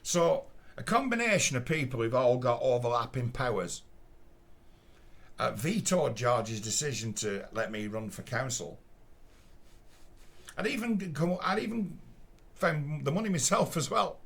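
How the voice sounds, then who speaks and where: A man's voice: medium pitch, expressive, measured pace, vocal fry, long pauses, fairly bright tone. A man with a Northern English Lancashire accent, telling a story bluntly and casually, swearing often and acting out what others said. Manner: blunt, swears often, acts out quoted voices.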